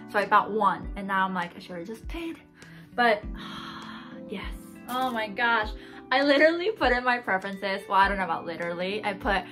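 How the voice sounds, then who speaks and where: A young woman with an excited, giggly way of talking, chatting casually as she unboxes a mystery box for her channel. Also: a little high. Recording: background music.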